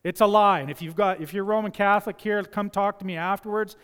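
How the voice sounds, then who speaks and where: A male pastor preaching a sermon in a church, emphatic, moving from quiet asides to loud passages and acting out the voices he quotes. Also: sits high, steady tone, quick pace, clear, resonant tone, long reverb tail. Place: church sanctuary.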